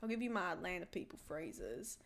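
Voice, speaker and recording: A woman's voice: fairly low pitch, big pitch swings, fairly quick. A woman hosting a livestream, chatting casually and playfully while gaming, often breaking into giggles. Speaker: livestream host.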